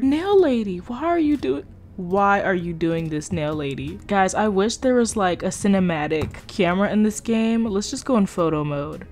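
A woman's voice: mid-range voice, expressive, measured pace, a little mellow. Bubbly young woman gaming streamer. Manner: bubbly, exclaiming, says "like" constantly. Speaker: gaming YouTuber. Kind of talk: casual gameplay commentary.

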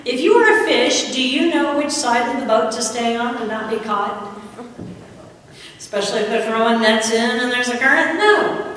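A woman's voice: high-pitched, slight background noise. Woman preaching in an echoey hall. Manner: animated storytelling with dramatic drops to a hush. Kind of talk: sermon. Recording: echoey hall, far from the mic.

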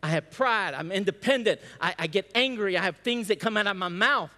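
A man with a high voice delivers a sermon as pastor, stacking rhetorical questions and repeating key phrases. He trips over restarts now and then. The sound carries a long reverb from a large hall. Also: brisk, hardly any pauses, pushed and bright. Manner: stumbles and restarts on words. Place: church hall.

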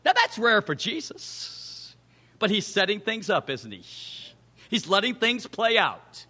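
High, bright-voiced animated preacher. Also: male voice, unhurried, breathy edge. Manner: animated, acts out the quoted voices in the scripture story. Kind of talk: sermon.

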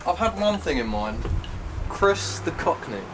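A man's voice: fairly high pitch, big pitch swings, a little slow, heavy background noise. A young man bantering casually, cocky, sweary and argumentative.

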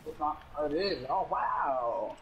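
A man's voice: on the high side, lively intonation, a little slow, a bit bright, faint music behind, low-quality recording. A young man on voice chat during a game, swearing and muttering short reactions. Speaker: teammate. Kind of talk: casual gaming chat.

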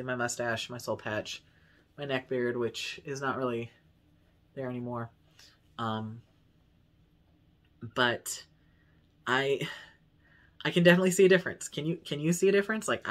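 A man vlogging straight to the camera in a loose, candid way. His voice sits in a middle pitch, and he rambles with plenty of fillers, swears freely and laughs at himself along the way. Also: a bit bright. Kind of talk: casual vlog talk to camera.

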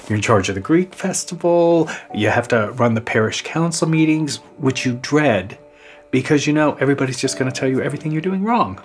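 A man as a devoted priest worn down by parish duties, speaking in earnest and reflective tones. His voice sits at an ordinary middle pitch, and soft music hums underneath. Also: expressive, lightly acted. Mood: weary, earnest. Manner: earnest, reflective, unhurried confession. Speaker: Orthodox priest. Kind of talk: film drama dialogue.

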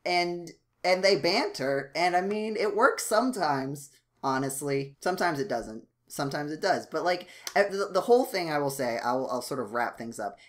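A man co-hosting a casual podcast, rambling with many restarts and fillers, his voice jumping up when he gets excited. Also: moderate pace. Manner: animated, jumps up in pitch when excited. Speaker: podcast co-host.

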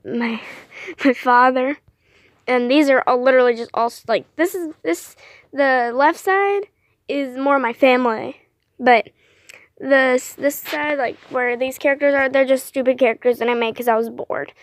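A young woman vlogging casually, rambling and apologizing a lot between lots of fillers, with excitable bursts. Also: high voice, a little slow, dry recording, studio quality.

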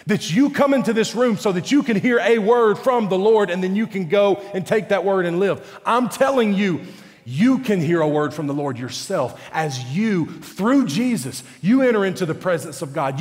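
A pastor preaching to his church in a high, bright-pitched voice, earnest and pleading, then pressing hard on key words. His voice rings out with a long reverb through the church hall. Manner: earnest, pleading, rises to forceful emphasis. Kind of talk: sermon. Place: church sanctuary.

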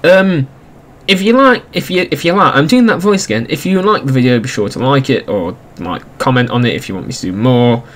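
A man's voice: medium pitch, a bit bright. A young man giving casual, sarcastic commentary while playing a video game, ranting about its flaws. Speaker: gaming YouTuber.

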